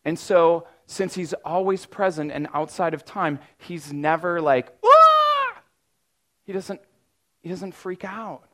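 The pastor's voice is a little high with fairly even intonation, and he takes his time. He preaches casually and conversationally, often using "like" and restarting sentences, and now and then lets out loud cries of mock panic.

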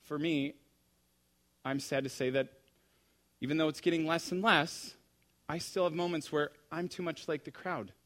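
A man preaching a sermon, telling a story with animated shifts between soft and loud speech. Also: fairly high pitch, normal speed, long pauses.

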